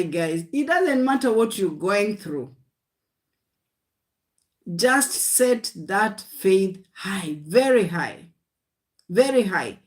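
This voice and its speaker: A woman's voice: mid-range voice, expressive, extremely slow, long pauses. A woman preaching a livestream sermon. She speaks in short, repeated exhortations and often calls her listeners "guys.". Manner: speaks in short declarations of faith.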